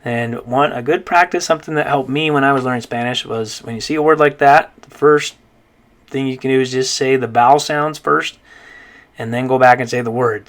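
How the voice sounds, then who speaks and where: A man's voice: medium pitch, fairly bright tone. Patient man teaching pronunciation. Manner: patient, repeats each word slowly and checks in with "okay?". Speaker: Spanish teacher. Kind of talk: recorded pronunciation lesson.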